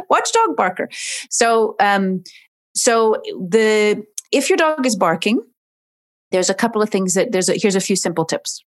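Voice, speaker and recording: A woman's voice: mid-range voice, measured pace. A woman, a dog behavior expert, explaining in an interview and acting out dogs and owners in voices.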